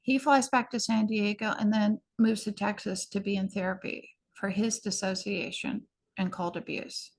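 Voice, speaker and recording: A middle-aged woman recounts her own story as a podcast guest, her mid-pitched voice carrying a gravelly, creaky texture. She talks in an earnest, hurried way and often breaks off to restart a sentence. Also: little pitch movement. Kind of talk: personal storytelling in an interview.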